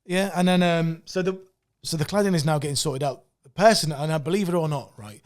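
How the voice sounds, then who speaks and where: Fast-talking sweary man. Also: on the high side. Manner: rambling, animated storytelling with frequent swearing and restarts. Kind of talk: casual chat.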